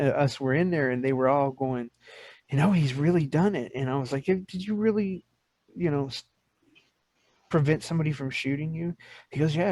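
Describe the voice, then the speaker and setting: A man's voice: mid-range voice, dry recording. A man in his fifties hosting a podcast, telling stories in casual chat and acting out quotes. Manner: animated storyteller, acts out quotes. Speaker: podcast host.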